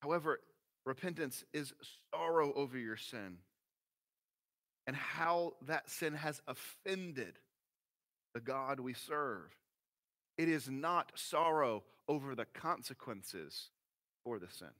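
A man in his thirties, a pastor, preaching a sermon in a folksy, animated way. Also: mid-range voice, takes it slowly, long pauses. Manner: animated, folksy, acts out voices.

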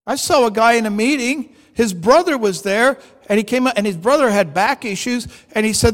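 High high voiced guy preaching, acts out all the back and forth, long echo like a big hall. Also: fairly quick, few pauses. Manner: animated, acts out dialogue in stories. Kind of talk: storytelling sermon.

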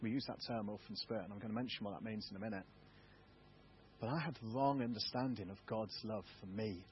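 A man's voice: fairly low pitch, fast talker, dull audio, slight background noise. An English man, a church elder, giving a candid, self-deprecating testimony sermon in a church. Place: church hall.

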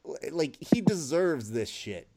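A man co-hosting a podcast, telling stories in an animated way with loud bursts. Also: on the high side, unhurried. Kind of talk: casual podcast chat.

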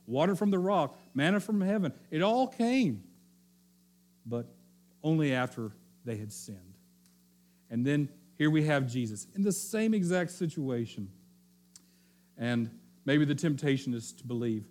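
A male pastor giving a sermon, telling the story with animated, repeated phrases and frequent restarts. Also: on the high side, measured pace.

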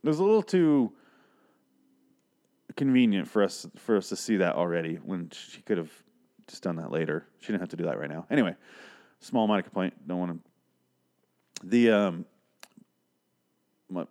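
A man's voice: deep voice, expressive, moderate pace, long pauses, a little mellow. Rambling, profane male podcast host. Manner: rambling, profane, acts out characters. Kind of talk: casual solo podcast chat.

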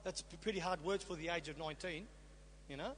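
Speaking quickly in a somewhat bright, higher-leaning voice, a middle-aged man preaches his testimony to a congregation. He frames his story with rhetorical questions, and a faint hum runs under the hall's reverb.

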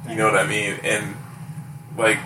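A man chatting as a podcast host, animated and quick to laugh, acting out other people's lines in a raised voice. He sounds far from the mic in an echoey room with steady noise behind him. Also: lowish voice. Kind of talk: casual chat and storytelling. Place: house, indoors.

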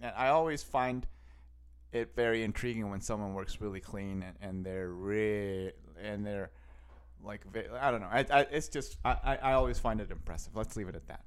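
A man hosting a podcast, talking casually about a comedy clip in a halting, rambling way with many restarts. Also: lowish voice, clean tone. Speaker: podcast host. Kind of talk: casual commentary.

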